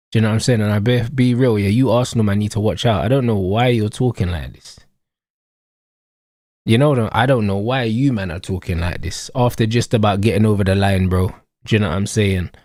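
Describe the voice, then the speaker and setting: A man's voice: fairly low pitch, darkish tone, no room sound, clean studio sound. A young man with a London accent, ranting casually about football on a live stream, full of slang and repeated catchphrases. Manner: slangy, emphatic, repetitive.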